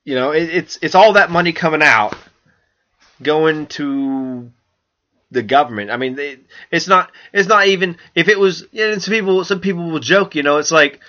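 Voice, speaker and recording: A man's voice: on the high side, moderate pace, sharp tone, muffled recording. A man hosting a solo podcast alone, rambling and self-mocking with lots of ums, restarts and swearing. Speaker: podcast host. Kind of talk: casual solo podcast chat.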